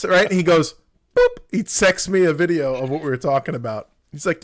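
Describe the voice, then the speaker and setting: A man co-hosting a casual podcast, who agrees readily and tells animated little stories from his work. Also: on the high side, a little fast. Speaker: podcast co-host, HVAC worker. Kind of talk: casual chat.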